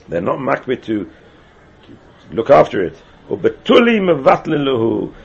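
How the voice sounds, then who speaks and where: A man leads a Talmud class with a gravelly, husky voice set a little high, chanting phrases in a sing-song lilt and firing the same question again and again at his students. His pitch swings widely as he talks. The recording sounds dull and lo-fi. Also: very animated, normal speed. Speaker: Talmud teacher.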